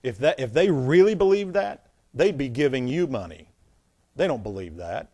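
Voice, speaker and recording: A man's voice: medium pitch, lively intonation, normal speed, warm tone, husky. A man preaching a sermon. He reads scripture aloud with emphasis and drops into blunt, scornful, plain-spoken asides. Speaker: pastor.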